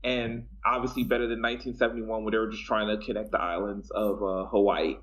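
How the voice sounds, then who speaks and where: A man's voice: lowish voice, flat delivery, fast, a loud crowd. A man co-hosting a podcast, explaining technology casually with lots of fillers. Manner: explains at length with many fillers. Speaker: podcast co-host. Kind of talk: casual tech chat. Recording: dull lo-fi home recording.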